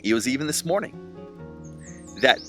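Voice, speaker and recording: A young man talks earnestly about fatherhood and personal growth, in a warm, reflective, self-help way. His voice moves freely up and down in pitch. Faint guitar music plays softly behind him. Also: lively intonation, moderate pace. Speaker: single dad vlogger. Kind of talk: reflective personal vlog monologue.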